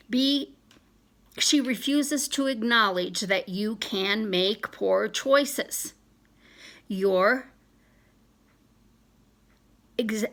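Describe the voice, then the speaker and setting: A woman's voice: mid-range voice, gravelly, fairly bright tone. A woman vlogger reading a self-help passage aloud in an earnest way, briefly voicing the friends she quotes. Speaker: business vlogger.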